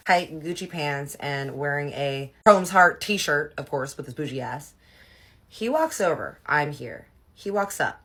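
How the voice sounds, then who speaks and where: A woman telling a personal story in a casual, animated way, swinging between loud outbursts and soft asides. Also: low-pitched, measured pace.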